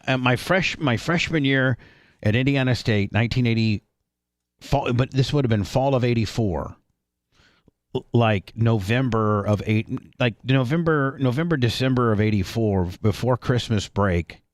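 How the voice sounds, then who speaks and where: A man's voice: medium pitch, normal speed, no room sound. Brief: man in his fifties, radio host, rambling storyteller, dry close sound. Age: 50s. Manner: rambling storyteller, frequent restarts and throat-clearing. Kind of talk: casual chat.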